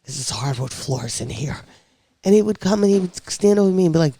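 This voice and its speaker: A woman on a podcast telling her own story in a casual, lively way, acting out the voices of people she quotes. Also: on the low side, brisk, husky, no echo.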